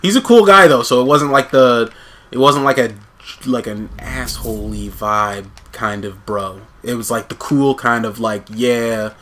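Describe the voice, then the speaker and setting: A young man co-hosting a gaming video, chatting casually while he plays and laughing through an animated story. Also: measured pace. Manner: animated storyteller, laughs often, jumps into high voices for quotes. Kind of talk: casual chat while playing a game.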